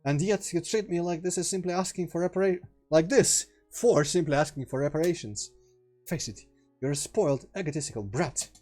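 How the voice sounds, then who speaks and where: A man voicing a cold, formal young woman who speaks softly and holds back her anger. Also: fairly high pitch, a little fast, soft background music, pitched above the performer's own voice, close to an everyday voice. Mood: icy. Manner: soft, icy, restrained, formal. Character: cold restrained shy young woman Yuri.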